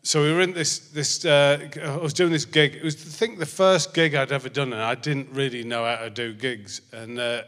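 A man's voice: mid-range voice, fairly even intonation, normal speed, hardly any pauses, a bit bright. A man as a guest, telling a meandering anecdote and losing his thread, into a handheld mic on a theatre stage. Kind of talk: rambling anecdotal storytelling. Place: theatre stage before a live audience. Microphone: handheld microphone. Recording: reverberant theatre hall.

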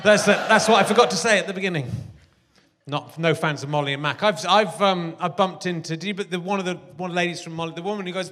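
A man's voice: high voice, a bit bright. A man hosting a live comedy podcast on a theatre stage, rambling and self-deprecating, laughing often. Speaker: podcast host.

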